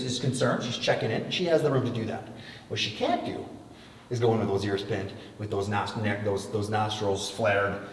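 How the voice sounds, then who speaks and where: A man giving a hands-on lesson as a horse trainer, with coaxing, rhythmic repeated cues and soft praise. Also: fairly low pitch, a little hiss or hum. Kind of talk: hands-on instruction.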